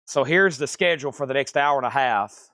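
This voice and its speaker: A man's voice: medium pitch, bright, forceful tone, no room sound, clean studio sound. Casual man reading record prices. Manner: brisk list-reading of items and prices, casual. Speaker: live sale host. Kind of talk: livestream sales pitch.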